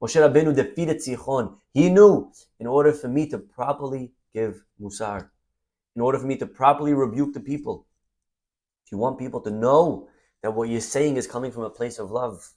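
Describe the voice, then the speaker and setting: A man giving a Torah sermon as a story, swinging between loud emphasis and soft asides. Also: medium pitch, moderate pace. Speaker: rabbi teaching Torah.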